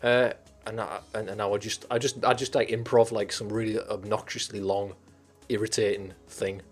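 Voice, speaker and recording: A man's voice: lowish voice, level tone, brisk, husky, faint music behind. A young man hosting a livestream, chatting loosely with viewers and rambling through filler words and restarts. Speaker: livestream host. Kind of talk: casual rambling livestream chat.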